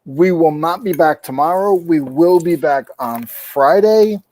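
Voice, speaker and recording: A man's voice: fairly high pitch, unhurried, a little mellow. A man co-hosting a casual livestream, joking and teasing as he talks over a computer mic. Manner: joking, teasing, laughs often. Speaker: co-host of a reseller livestream. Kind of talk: casual livestream chat while working.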